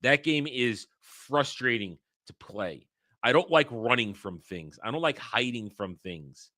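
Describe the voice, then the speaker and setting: A man's voice: medium pitch, expressive, measured pace, bright, forceful tone, no room sound, studio quality. A man hosting his own livestream who talks bluntly and rambles, swears freely and often restarts his sentences. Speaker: livestream host. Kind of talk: casual livestream talk.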